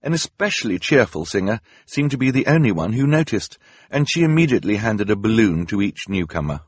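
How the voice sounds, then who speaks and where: A man's voice: fairly low pitch, sing-song, a little fast, breathy edge, dry recording. A man reading a story aloud in scripted audiobook narration, with a dry, wry storytelling manner.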